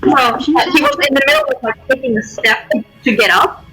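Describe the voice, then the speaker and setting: A woman with a bright, fairly high voice describes her character's actions at the table, pausing over her words. Faint music plays underneath. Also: wildly swooping pitch, breathy edge, low-quality recording. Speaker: player.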